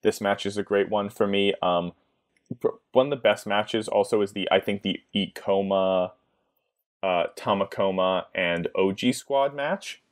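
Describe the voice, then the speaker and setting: A man's voice: fairly low pitch, unhurried. A man chatting casually as a guest on a podcast, often laughing at his own ideas.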